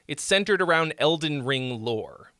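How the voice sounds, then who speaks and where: A man's voice: a little high, expressive, unhurried, pushed and bright, dry recording, studio quality. A man hosting a live song critique stream, talking bluntly with profanity and sarcasm.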